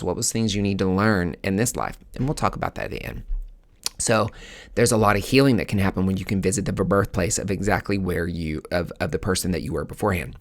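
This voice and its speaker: A man hosting his own show, telling a personal story in a casual, animated way, with swearing and dramatic asides. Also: on the low side. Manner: animated, profane, dramatic retelling. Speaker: podcast host.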